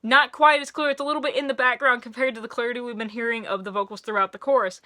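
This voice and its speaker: A young woman rambling excitedly through a casual music review, gushing and sometimes singing along. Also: a little high, fast talker, few pauses.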